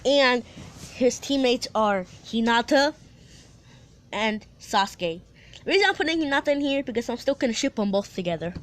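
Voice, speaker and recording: A woman's voice: fairly high pitch, expressive, normal speed. A woman casually retelling her own fan-fiction story, rambling with frequent restarts and playful asides to her viewers.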